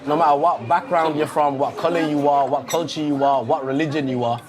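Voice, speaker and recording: Male documentary interviewee, Birmingham accent, earnest, voice on the higher side. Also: fairly even intonation, fairly quick, a crowd in the background.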